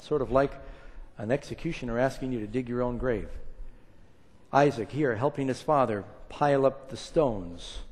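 A man preaching a sermon, retelling a story with dramatic swings between loud and hushed lines and acted quotes. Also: a little high. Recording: reverberant hall.

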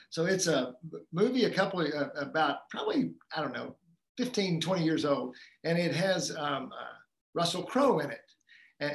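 Casting note: man, fairly high voice, halting storyteller with lots of ums, recorded in an echoey room. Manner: storytelling, retells a film scene with acted quotes; halting, many fillers and restarts. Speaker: guest speaker on fathering. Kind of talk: casual talk on a live community call.

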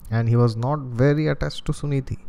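A man with an Indian accent telling a devotional story as a spiritual teacher. He is animated, chuckles often and asks listeners rhetorical questions. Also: medium pitch, fairly quick, vocal fry, smooth.

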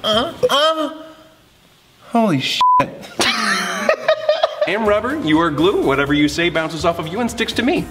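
A man's voice: sits high, big pitch swings, normal speed, pauses often, loud music behind the voice. A young man goofing around between takes, breaking into laughter and playfully switching voices. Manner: goofy, giggly, breaks into laughter. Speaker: web series actor. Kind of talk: blooper reel chatter.

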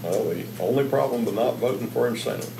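A man, a county commissioner, making a measured argument with figures in a public meeting. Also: mid-range voice, gravelly, noisy background. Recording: echoey council chamber.

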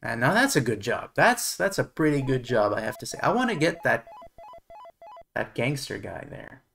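A man's voice: medium pitch, big pitch swings, normal speed, vocal fry, fairly bright tone. A man narrates his own retro gameplay live in a mid-range voice, muttering curses under his breath whenever things go wrong. He breaks the tension with dry, self-mocking asides. Faint game music plays underneath. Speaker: streamer playing retro games.

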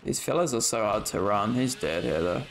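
A man's voice: fairly low pitch, lively intonation, moderate pace, gravelly, faint music behind. A young man streaming a horror game, chatting loosely and swearing as he plays. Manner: loose, profane banter with chat and opponent. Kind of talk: casual gaming chat.

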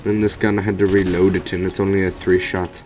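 A man's voice: low voice, little pitch movement, a little fast, a little mellow. A man giving rambling let's play commentary over a video game, swearing casually at it. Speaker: gamer commentator.

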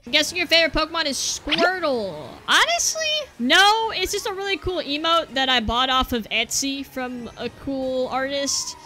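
Excitable high-voiced woman streamer. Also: moderate pace, hardly any pauses, faint music behind. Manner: excitable, loud outbursts, chatty with viewers. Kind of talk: casual gaming stream chatter.

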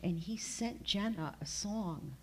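A middle-aged woman sharing an emotional personal testimony in a church class, rambling and halting, with many fillers and restarts. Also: medium pitch, breathy edge. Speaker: class member giving a testimony.

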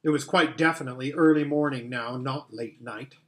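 A man narrating a children's fantasy story as an audiobook reader, with gentle storytelling. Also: mid-range voice, a little fast. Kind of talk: scripted narration.

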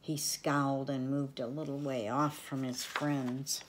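An older woman reading a children's storybook aloud, gentle and affectionate. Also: very deep voice, little pitch movement, unhurried, background noise.

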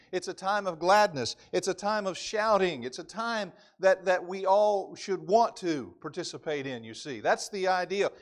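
Guy preaching sunday sermon, pretty high voice, leans hard on the scripture words. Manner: emphatic, reads scripture aloud with stress. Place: church sanctuary.

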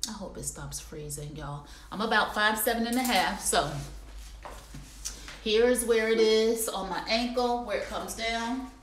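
A woman's voice: fairly high pitch, a little slow, reverberant, a little hiss or hum. A woman hosting a livestream, reviewing clothes in a chatty, casual way and calling viewers y'all. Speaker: livestream shopping host. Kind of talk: casual live product review. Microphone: phone or computer livestream.

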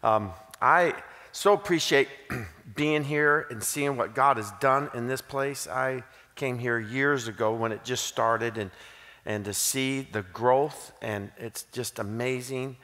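A man's voice: mid-range voice, slow pace, sharp tone. A man from Kentucky with a Southern accent, preaching to a church as a guest speaker, telling jokes and stories in between. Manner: joking, self-deprecating storyteller. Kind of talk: sermon with folksy humor. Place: church auditorium. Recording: long hall reverb.

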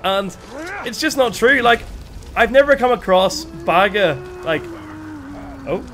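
A man with a Northern Irish accent, commentating live on his gameplay in an excitable, chatty way, calling out to his viewers. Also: high-pitched, slow. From Northern Ireland. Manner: excitable, chatty, calls viewers lads and chat. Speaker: game streamer. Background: music.

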